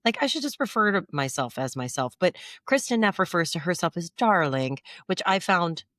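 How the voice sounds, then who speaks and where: A woman's voice: on the low side, animated, moderate pace, fairly bright tone, no room sound. A woman co-hosting a podcast, chatting in a blunt, playful way and swearing freely. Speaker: podcast co-host. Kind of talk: casual chat.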